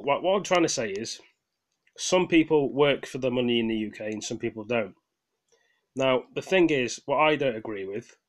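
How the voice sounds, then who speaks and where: A tired man, ranting heatedly in a casual vlog, swearing, rambling with restarts and apologizing as he goes. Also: medium pitch. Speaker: gaming vlogger.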